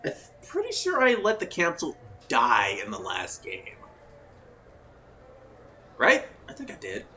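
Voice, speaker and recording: Lively bright-voiced man gaming. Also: mid-range voice, slow pace, pauses often, a little hiss or hum, rough recording. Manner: laughing, swearing, animated. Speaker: let's play host. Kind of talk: casual gameplay commentary.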